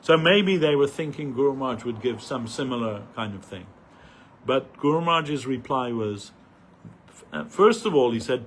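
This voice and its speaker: A man giving an earnest devotional sermon at a festival, pausing often with "uh" as he searches for words. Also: mid-range voice, lively intonation, a little hiss or hum. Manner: earnest, halting, many "uh" pauses.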